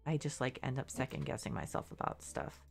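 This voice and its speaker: A woman's voice: extremely low pitch, sing-song, a little fast, vocal fry, faint music behind. A congested middle-aged woman chatting casually while streaming a game, rambling and second-guessing herself. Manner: rambling, self-doubting, restarts often. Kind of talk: casual gameplay commentary.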